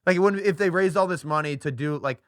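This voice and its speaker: A man's voice: on the high side, a little fast, a bit bright, no room sound, studio quality. A young man co-hosting a casual podcast, rambling through a story with lots of fillers and swearing. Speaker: podcast co-host. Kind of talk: casual chat.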